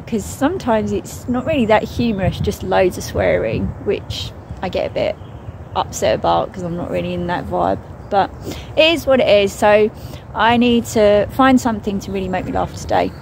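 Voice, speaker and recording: A woman's voice: mid-range voice, moderate pace, vocal fry, a little mellow, a little hiss or hum. A British woman from the UK chatting casually and rambling with fillers as she reads an angel card for her vlog. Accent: British English. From United Kingdom.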